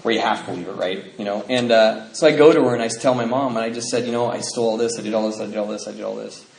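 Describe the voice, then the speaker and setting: Speaking very fast in a lowish, steady voice with vocal fry and a darkish tone, this middle-aged man from the United States shares his recovery testimony with a meeting. He laughs a lot and acts out voices. The convention hall gives the audio a roomy sound, with faint noise underneath.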